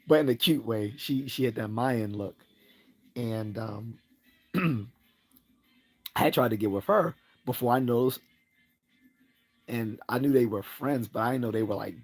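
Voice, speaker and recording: A livestream host tells a rambling personal story in a casual way. He laughs often and raises his voice higher to act out what people said.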